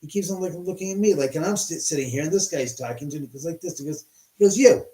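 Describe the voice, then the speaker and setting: A man's voice: fairly high pitch, racing, roomy sound, low-quality recording. Rambling man telling a story live. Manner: rambling, excitable, many restarts and profanity. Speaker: livestream host. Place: his house.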